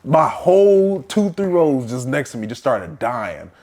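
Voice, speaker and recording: A young man, a podcast co-host, telling a story in a casual, animated way and acting out the people in it. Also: medium pitch, measured pace. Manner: animated, acts out the voices of people in his stories.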